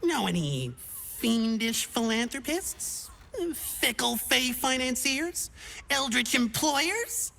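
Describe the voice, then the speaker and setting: A woman's voice: a little high, animated, slow, creaky, fairly bright tone, full character voice. A woman voicing a bubbly, silly young adventurer in a video game who keeps trying out new classes and talks in a playful, theatrical, teasing way.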